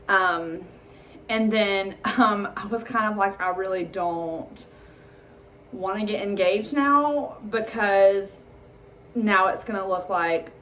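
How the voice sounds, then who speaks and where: A woman in her thirties telling a personal story to her viewers in a casual, animated way, often laughing and acting out dialogue. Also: medium pitch, a little hiss or hum. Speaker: vlogger.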